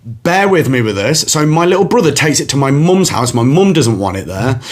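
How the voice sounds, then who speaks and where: A man's voice: mid-range voice, normal speed. A young man, a comedian hosting a podcast, telling a rambling story in casual chat and putting on voices. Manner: animated, laughing, rambling storyteller doing voices.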